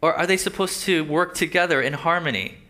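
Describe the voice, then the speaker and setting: A man's voice: on the high side, a little fast, sharp tone. A man preaching a sermon, reading scripture aloud with rising emphasis and often asking his listeners "right?". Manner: asks the audience "right?" and "Amen?". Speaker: pastor.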